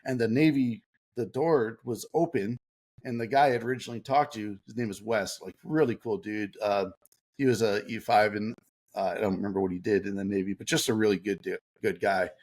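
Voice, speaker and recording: A middle-aged man telling an animated story as a podcast guest, laughing often and acting out what others said. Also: on the low side, brisk. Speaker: podcast guest, former Navy SEAL. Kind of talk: casual storytelling.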